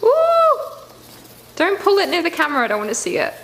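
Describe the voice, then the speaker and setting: A woman's voice: sits high, sing-song, very fast, creaky, a bit bright. A woman hosting a reaction video, chatting casually and groaning in disgust as she rambles. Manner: squeamish, exclaiming, rambling.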